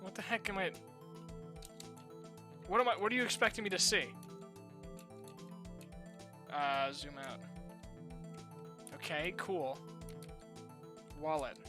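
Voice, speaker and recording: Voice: medium pitch, slow pace, pauses often, over music. A game streamer giving live, frustrated, swearing reactions while playing. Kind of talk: live-stream gameplay commentary.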